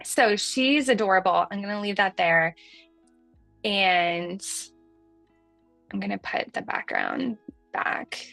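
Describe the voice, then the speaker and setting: A woman in her thirties with a light Southern accent, hosting a casual software tutorial in a chatty, folksy way. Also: medium pitch, very animated, takes it slowly, gravelly, pauses often, dry recording, soft background music. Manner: chatty and folksy, says y'all, laughs at herself. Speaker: livestream host demonstrating software.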